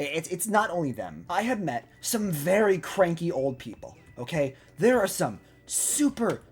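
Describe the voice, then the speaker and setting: A woman vlogger in an angry, swearing rant who often yells, her voice going hoarse. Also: on the low side. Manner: angry ranting, swearing, yelling. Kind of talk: ranting monologue.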